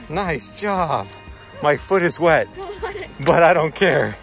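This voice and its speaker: A man's voice: on the high side, animated, unhurried, creaky, fairly bright tone, faint music behind. A middle-aged man filming a casual outdoor vlog by a river, cheerfully coaching a child through fishing, recorded on a handheld camera. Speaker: vlogger. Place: outdoors by a river in cold weather.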